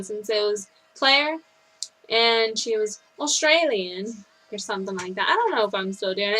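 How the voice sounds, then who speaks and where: High, lively young woman vlogger. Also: moderate pace, rough recording. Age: 20s. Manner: animated, mock-outraged storytelling. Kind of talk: casual chat to camera.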